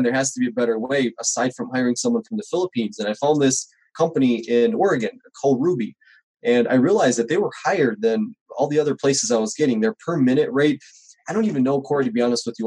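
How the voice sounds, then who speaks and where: Fast-talking husky man telling stories. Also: mid-range voice, rough recording. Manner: animated storyteller, acts out quoted voices. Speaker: home service contractor guest. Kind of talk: casual podcast conversation.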